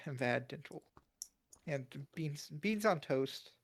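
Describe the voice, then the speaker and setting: A man's voice: on the high side, lively intonation, very slow, slightly rough. A young man with a Midwestern American accent, co-hosting a casual podcast, joking and laughing often. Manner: joking, laughs often, reads aloud from searches. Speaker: podcast co-host. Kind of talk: casual chat.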